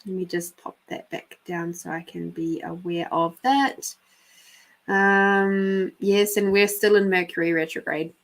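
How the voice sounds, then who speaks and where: An Australian woman with a lowish voice hosts a live psychic reading and storytelling show, speaking at a measured pace. As the intuitive reader, she chats through her stories, laughing often and now and then swearing casually.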